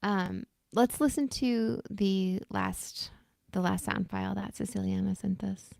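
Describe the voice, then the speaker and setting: A woman's voice: medium pitch, steady tone, unhurried, gravelly, a little mellow, no room sound, studio quality. A woman hosting a livestream interview, asking questions in a hesitant, thoughtful way. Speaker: livestream host.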